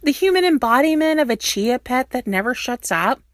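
A woman reading aloud and voicing a sarcastic, excitable young man who never stops talking. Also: high voice, no echo, clean studio sound, pitched above the performer's own voice. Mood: flustered sarcastic. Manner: quick, sarcastic, flustered. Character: mouthy excitable young man, talks nonstop.

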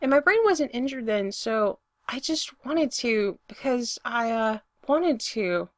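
A woman's voice: a little high, lively intonation, takes it slowly, no echo, clean studio sound. A woman reading aloud, voicing a blunt, exasperated young man in love in a storybook romance. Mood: earnest.

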